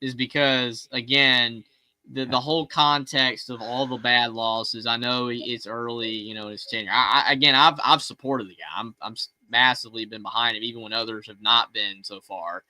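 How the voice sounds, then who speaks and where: A man co-hosting a sports call-in show, rambling excitedly and often restarting his sentences. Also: medium pitch, normal speed, dry recording, low-quality recording. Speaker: co-host of a fan call-in show. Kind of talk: casual sports talk.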